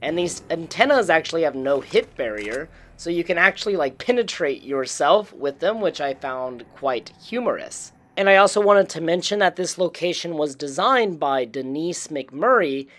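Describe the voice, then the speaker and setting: A host narrates a walkthrough of a game location in a relaxed, informative way. The voice sits at a middle pitch and keeps up a friendly commentary. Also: moderate pace, hardly any pauses. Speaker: YouTube series host. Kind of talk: gameplay narration voice-over.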